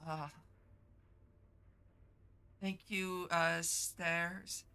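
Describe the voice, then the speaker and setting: Teary, congested woman streamer, bright voice. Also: low voice. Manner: halting, stumbling over words. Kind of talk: casual live-stream chat.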